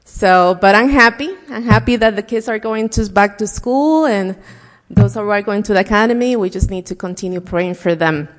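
A woman's voice: mid-range voice, normal speed. A middle-aged woman hosting a church service, chatting personally as she welcomes everyone. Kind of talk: casual welcome speech. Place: church sanctuary. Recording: long reverb of a large church hall.

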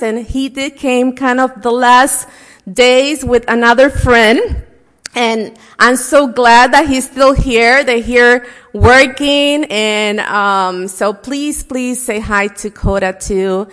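A woman's voice: a little high, fairly even intonation, takes it slowly, fairly bright tone. A middle-aged woman hosting a church service, chatting personally as she welcomes everyone. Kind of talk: casual welcome speech. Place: church sanctuary. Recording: long reverb of a large church hall.

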